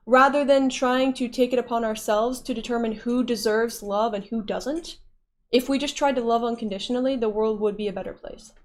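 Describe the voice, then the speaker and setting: A woman's voice: on the high side, fairly even intonation, brisk. Giggly young woman streamer. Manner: giggly, playful, reacts to chat. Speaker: livestreamer reading chat. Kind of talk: casual stream chat.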